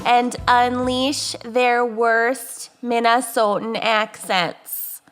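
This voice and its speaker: A woman hosting a podcast in casual chat, relaxed and laughing easily. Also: on the high side, very slow, soft background music. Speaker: podcast co-host.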